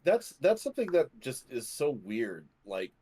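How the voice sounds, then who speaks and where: A man who is a guest activist on a podcast, explaining ideas in a measured way. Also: mid-range voice, huge pitch swings, dark tone. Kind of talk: interview talk.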